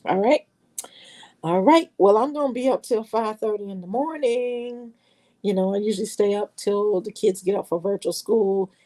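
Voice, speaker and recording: A woman's voice: mid-range voice, moderate pace, dark tone. A middle-aged woman chatting casually and affectionately to her viewers in a folksy, talkative way. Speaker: vlogger greeting her viewers. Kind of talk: casual chat.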